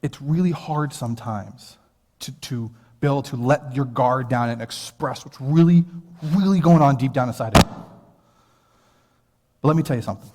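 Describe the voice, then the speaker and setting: An American man in his thirties preaches from the pulpit and tells a personal story in an earnest, conversational way. His voice sits at an ordinary middle pitch. A long church-hall reverb trails after his words. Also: normal speed, darkish tone, a little hiss or hum. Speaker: pastor. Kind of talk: sermon. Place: church sanctuary.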